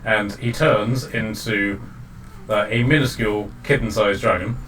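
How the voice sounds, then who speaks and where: A man's voice: lowish voice, steady tone, a little slow, a bit bright. A man narrating as dungeon master, chatty and loose, with many fillers and laughs. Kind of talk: narrating a tabletop game. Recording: distant mic with faint background noise.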